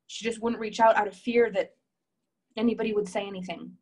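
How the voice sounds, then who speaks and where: A woman's voice: medium pitch, steady tone, fairly quick, a little mellow, husky, low-quality recording. Woman coach, live session reading viewer comments, emphatic, heartfelt, repetitive. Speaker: relationship coach.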